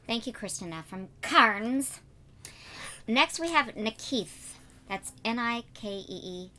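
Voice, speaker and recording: A woman's voice: a little high, lively intonation, a little slow, sharp tone, a little hiss or hum. A woman interviewing a guest in a trailer on a TV set, bubbly and teasing, with playful asides.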